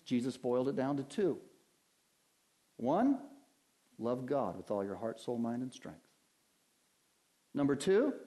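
A man preaching a sermon as pastor, rising in emphasis and drawing out key phrases slowly. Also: mid-range voice, warm tone. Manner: preaching with swells of emphasis and slow drawn-out phrases.

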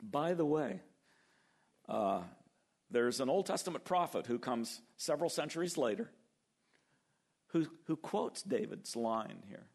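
An older man preaching a sermon, lively and acting out the quoted voices as he goes. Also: medium pitch, unhurried, pauses often, breathy edge. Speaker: pastor.

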